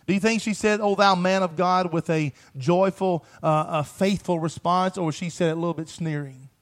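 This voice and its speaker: A man preaching a sermon, reading scripture aloud, asking the congregation questions and building to shouted, repeated refrains. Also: on the high side, moderate pace. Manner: preaches with rising, shouted emphasis and repeated phrases.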